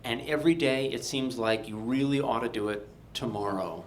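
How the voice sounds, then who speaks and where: A man from Delaware telling a funny personal story live, in a wry, animated way with a comic sense of timing. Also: mid-range voice, moderate pace, a little hiss or hum. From Delaware, USA.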